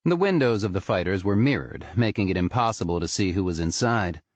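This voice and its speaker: A man narrating an audiobook in an expressive, storytelling manner. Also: low-pitched, brisk, no room sound. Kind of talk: scripted narration.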